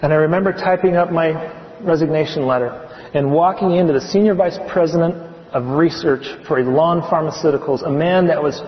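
A man with a slightly high voice gives an earnest personal testimony in a big echoing hall. He talks in a confiding way and grows quiet and slow on the heartfelt parts. The sound is a little muffled, with a long reverb behind him. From California. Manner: earnest, confiding, slows and softens on heartfelt points. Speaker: chemistry professor giving a testimony.

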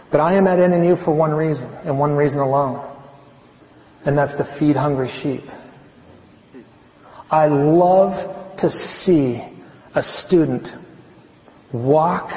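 A man with a slightly high voice gives an earnest personal testimony in a big echoing hall. He talks in a confiding way and grows quiet and slow on the heartfelt parts. The sound is a little muffled, with a long reverb behind him. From California. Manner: earnest, confiding, slows and softens on heartfelt points. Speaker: chemistry professor giving a testimony.

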